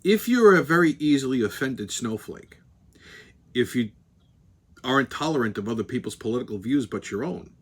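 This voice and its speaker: A male host, talking bluntly and profanely in casual commentary while mixing a drink. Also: medium pitch.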